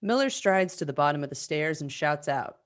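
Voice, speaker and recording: A woman hosting a live script reading over a video call, reading the stage directions in a brisk, amused way. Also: low-pitched, lively intonation.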